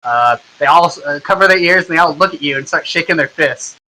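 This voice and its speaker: A young man narrating a tabletop game as its game master. His voice sits a little high and sounds very bright and cutting, and he narrates loosely, filling gaps with ums and likes. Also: fast talker, a little hiss or hum, poor audio. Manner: easygoing, many ums and likes.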